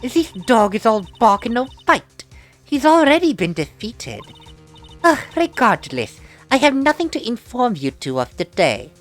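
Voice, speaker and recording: A woman doing an imperious young female prosecutor from a courtroom game. Her voice sits well above a low natural register and swings widely as she sneers. Quiet game music plays underneath. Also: sing-song, measured pace. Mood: scornful. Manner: imperious, cutting. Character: haughty young female prosecutor, whip-sharp and scornful.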